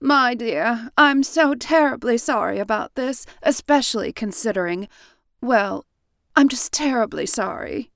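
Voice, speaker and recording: A woman's voice: fairly high pitch, a little slow, fairly bright tone, no echo, clean studio sound, voice pushed up. A woman voicing a fussy, genteel society lady who speaks in an effusive, mannered way.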